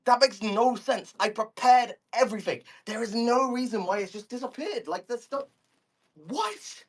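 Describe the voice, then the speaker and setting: An extremely high-pitched, slightly bright male voice comes through a phone mic held a step away in his room at home. Streaming live in casual audio chat, he rambles in exasperated, baffled bursts and swears.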